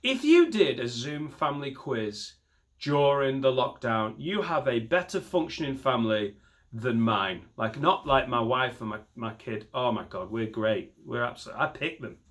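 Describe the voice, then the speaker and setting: A man's voice: mid-range voice, moderate pace, a bit bright. A man doing a rambling, self-deprecating and sweary stand-up set from his home garage into a laptop mic. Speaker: stand-up comedian.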